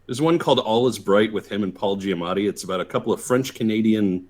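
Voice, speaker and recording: A man's voice: lowish voice, fast talker, a little mellow. A man co-hosting a podcast, talking casually and wryly about movies, with fillers. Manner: chatty, wry, rambling. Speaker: podcast co-host. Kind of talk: casual chat.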